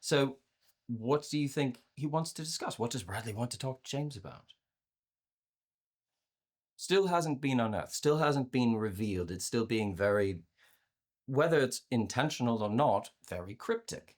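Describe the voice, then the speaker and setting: A man presenting a workshop on communication to a virtual audience, conversational and animated, often repeating words as he restarts his sentences. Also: moderate pace. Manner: acts out inner voices with playful pitch jumps. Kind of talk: live talk to a virtual audience.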